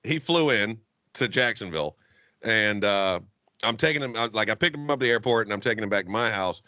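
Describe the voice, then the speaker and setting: Male podcast co-host, lively swooping delivery, bright edge, dry and slightly dull close-mic sound, profane rambling storyteller. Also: fairly low pitch, brisk, dry recording. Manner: profane, rambling storyteller with animated quoted voices. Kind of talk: casual comedy podcast chat. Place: Jacksonville, Florida.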